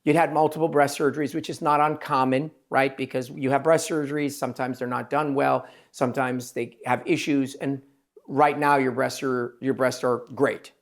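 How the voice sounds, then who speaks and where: A man, a plastic surgeon hosting a podcast, talking in an emphatic, rambling way and quoting his patients in quick asides. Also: medium pitch, little pitch movement. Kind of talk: casual interview chat.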